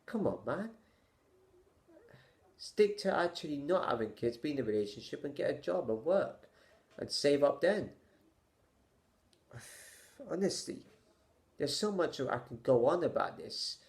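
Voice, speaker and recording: A man vlogging his opinions to camera in a halting, stammering way, sighing with exasperation and firing off rhetorical questions. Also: fairly high pitch, sing-song, darkish tone.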